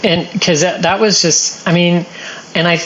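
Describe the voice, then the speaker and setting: A middle-aged woman, a guest in an interview, telling a personal faith testimony in an earnest, halting way with many restarts. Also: lowish voice, fairly even intonation, lo-fi sound, slight background noise.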